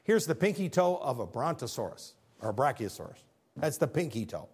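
Male speaker, emphatic faith talk with slides, very animated pitch, rhetorical questions. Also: fairly quick, slightly rough.

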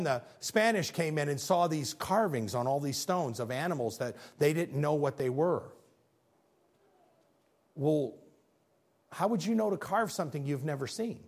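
Presenting slides, a man with a medium-pitched voice gives an animated faith talk, asking rhetorical questions and hammering his points with emphasis. Now and then he stumbles over his words.

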